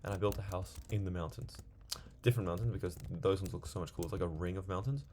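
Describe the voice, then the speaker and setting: Here the gaming video creator speaks low and quick, his tone on the darker side. It's casual commentary as he plays, the young man wandering from one thing to the next, with a little background noise.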